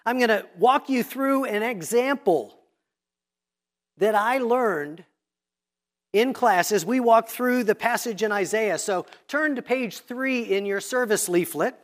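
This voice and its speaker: A preacher in a church with a notably high-pitched voice. He teaches patiently and methodically, guiding his congregation through a scripture passage line by line as they mark their leaflets. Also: measured pace. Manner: instructive, walking listeners step by step through a text. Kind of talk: sermon teaching Bible study method. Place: church sanctuary.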